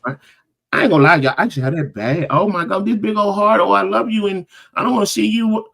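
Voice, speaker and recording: A middle-aged man with a slightly higher voice, talking in an animated way on a podcast. He reads viewer comments and stresses his points the way a preacher does, and he laughs often. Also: fast talker, gravelly. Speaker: podcast co-host. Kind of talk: casual podcast chat reading live comments.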